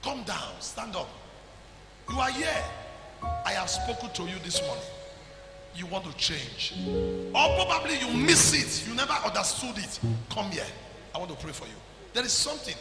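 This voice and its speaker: A man with a Nigerian accent preaching a sermon as pastor, calling people forward and shouting at the peaks. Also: high-pitched, very animated, moderate pace, long pauses, echoey room, in a large hall, loud music behind the voice.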